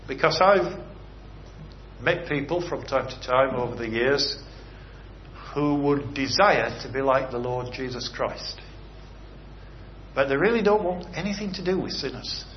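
With long pauses and a slightly slow pace, a male preacher of medium pitch delivers an earnest sermon ending in prayer. His voice swells and drops for emphasis as he asks his listeners questions, over slightly dull audio with a faint hiss.

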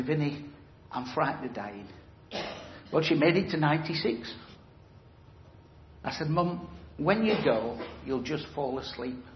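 A middle-aged man preaching to a church hall, emphatic and conversational, often stopping to put questions to his listeners. His voice sits at an ordinary male pitch. It carries the echo of a large room, slightly dulled, with a faint rumble beneath. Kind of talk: evangelistic sermon. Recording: roomy, slightly dull hall recording.

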